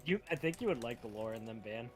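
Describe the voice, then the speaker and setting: A man chatting casually while playing a game, relaxed and wry. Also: mid-range voice, fast, faint music behind. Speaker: streaming co-player. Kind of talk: casual chat while gaming.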